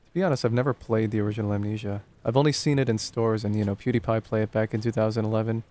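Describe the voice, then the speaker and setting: A man's voice: lowish voice, steady tone, very fast, warm tone. A young man casually commenting on a horror game as he streams it live, joking and thinking aloud. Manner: chatty, jokey, thinking aloud.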